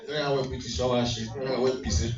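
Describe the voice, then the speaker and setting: A man's voice: mid-range voice, fairly even intonation, quick pace. A man working the crowd as a comic MC at a community party, teasing and playful. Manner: teasing, playful crowd work with frequent laughter. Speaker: event MC and comedian. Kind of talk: live MC banter with crowd. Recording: distant echoey hall mic, dull sound. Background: music playing.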